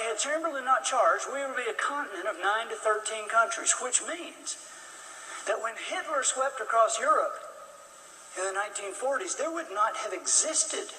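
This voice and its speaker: Animated storytelling man in echoey hall. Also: high voice, moderate pace, recorded from a distance, a little hiss or hum. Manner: dramatic, animated storyteller acting out quoted lines. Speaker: speaker. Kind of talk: storytelling speech. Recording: echoey hall, mic from afar.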